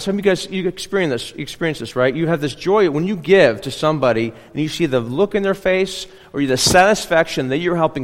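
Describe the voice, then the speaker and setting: In a church with a big-room sound, a man with a fairly high pitch preaches a chatty, conversational sermon. As pastor, he keeps checking in with the congregation.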